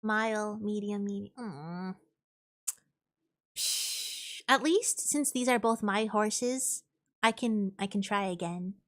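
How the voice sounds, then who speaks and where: A woman's voice: medium pitch, slow pace. A woman streamer chatting casually while gaming, thinking aloud and answering chat.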